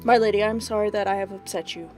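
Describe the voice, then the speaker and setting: A man's voice: high-pitched, fairly even intonation, soft background music, pitched below the performer's own voice, natural voice. Woman voicing an apologetic ship captain. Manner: soothing, apologetic, hurried. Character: embarrassed ship captain, polite and placating.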